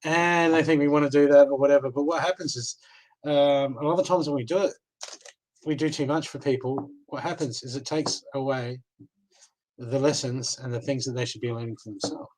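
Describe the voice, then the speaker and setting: A man's voice: medium pitch, steady tone, brisk, darkish tone, slight background noise, poor audio. An Australian man giving live card readings, talking casually and reassuringly, often checking in with "okay?". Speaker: card reader.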